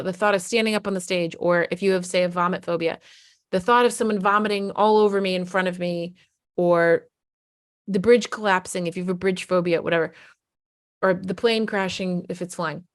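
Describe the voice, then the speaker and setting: A woman's voice: on the low side, steady tone, fairly quick, no room sound, studio quality. A middle-aged woman, a parenting coach, explaining earnestly in a conversational way. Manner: earnest, conversational, often acts out quoted voices. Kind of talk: explanatory talk to camera.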